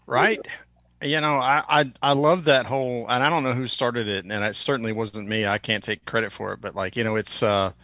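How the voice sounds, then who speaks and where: A man co-hosts a podcast in an easygoing, chuckling way. His voice is mid-pitched for a man. The recording is close and dry. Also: steady tone, fairly quick, a bit bright, no room sound, dull audio. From Atlanta area, US. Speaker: podcast co-host. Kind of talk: casual podcast chat.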